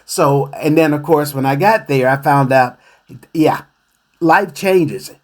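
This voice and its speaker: A man's voice: a little high, slow pace, darkish tone. Reflective male radio host. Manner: reflective, hesitant with many fillers and restarts. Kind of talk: radio interview.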